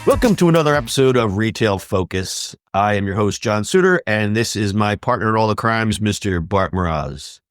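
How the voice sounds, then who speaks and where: A man hosting a podcast, chatting casually and reading news items with lively emphasis. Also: fairly low pitch, moderate pace, hardly any pauses, no room sound, faint music behind. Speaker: podcast host.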